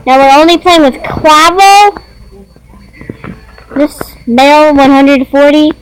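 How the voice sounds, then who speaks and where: A young woman casually commenting while playing a game, excitable and giggly. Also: sits high, low-quality recording. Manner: excitable, giggly, slow and drawn-out. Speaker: game player.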